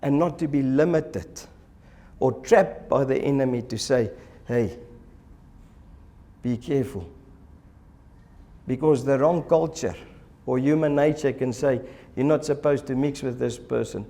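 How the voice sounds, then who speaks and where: A man preaching a sermon in church, animated and acting out the voices of the people in his stories. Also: medium pitch, measured pace, pauses often. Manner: animated, acts out quoted voices. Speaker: pastor.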